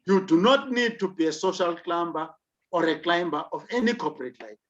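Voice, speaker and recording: A South African man delivers a leadership lecture with emphatic, rhetorical questioning. His voice sits a little high for a man. The recording is dull and lo-fi. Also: animated, brisk.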